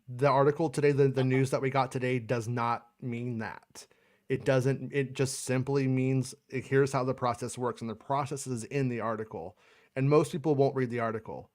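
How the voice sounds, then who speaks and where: A man hosting a casual livestream chat, rambling and cursing, with frequent restarts. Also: medium pitch. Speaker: podcast host.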